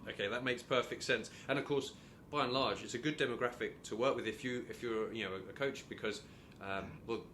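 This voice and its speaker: A man's voice: mid-range voice, fairly even intonation, a crowd in the background. A male interviewer asking questions in a casual conversation, often repeating words as he frames them. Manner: halting, repeats words while forming questions.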